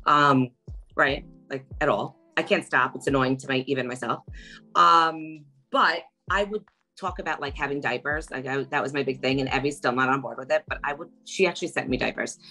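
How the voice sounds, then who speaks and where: Chatty woman with a bright voice. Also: a bass voice, poor audio. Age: middle-aged. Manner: chatty, animated storytelling, lots of "like". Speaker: interview guest, former reality show contestant. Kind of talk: casual interview chat.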